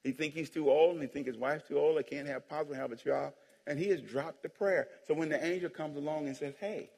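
A man's voice: fairly high pitch, fairly even intonation, fast talker, vocal fry, a little mellow. A man preaching a playful sermon as pastor, joking with the congregation and calling for amens. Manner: playful preaching, calls for amens and jokes with the crowd. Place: church sanctuary. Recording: long hall reverb in a church.

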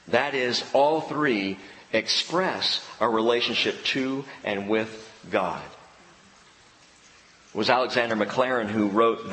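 A male pastor preaching a sermon, swinging between loud emphatic peaks and quiet low drops, with dry humor. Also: slight background noise. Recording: long hall reverb, faint ambience.

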